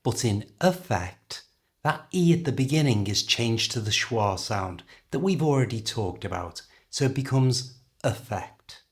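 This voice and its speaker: A middle-aged man with a British accent teaching an English lesson, carefully and clearly modelling how words are pronounced. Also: medium pitch, expressive, unhurried. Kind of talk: language lesson.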